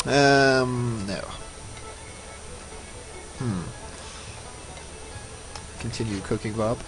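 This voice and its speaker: A man's voice: mid-range voice, moderate pace, faint music behind, low-quality recording. A man giving casual, rambling commentary over his own gameplay, often mocking himself. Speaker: let's play host.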